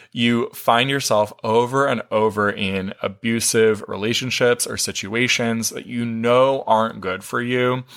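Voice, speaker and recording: A man's voice: lowish voice, a bit bright. A man hosting a self-help podcast as a life coach, talking in a candid, casual monologue, swearing freely and laughing often.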